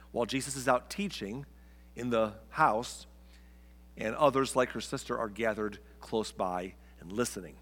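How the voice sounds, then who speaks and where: A man delivering a sermon in an easygoing, conversational way, dropping into the characters' voices as he retells the story. His voice sits at an ordinary middle pitch. The sound carries the long reverb of a large hall. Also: a bit bright. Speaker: preacher.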